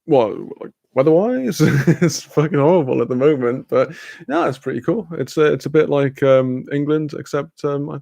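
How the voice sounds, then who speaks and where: Man, gravelly, dry close sound, laid-back stream chat, laughs and swears a lot. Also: a little high, normal speed, warm tone, no echo. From Wales. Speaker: livestream host. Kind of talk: casual chat reading live chat.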